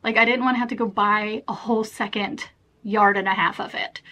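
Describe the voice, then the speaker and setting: A woman's voice: medium pitch, fairly even intonation, fairly quick, sharp tone. A young woman vlogging to camera in a chatty, self-deprecating way, laughing often. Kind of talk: casual chat to camera.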